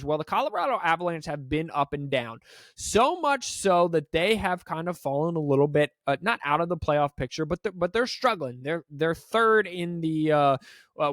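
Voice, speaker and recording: A man's voice: a little high, a bit bright, no room sound, clean studio sound. A man hosting a sports podcast, giving emphatic, rambling opinions with frequent restarts. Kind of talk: opinionated solo sports talk.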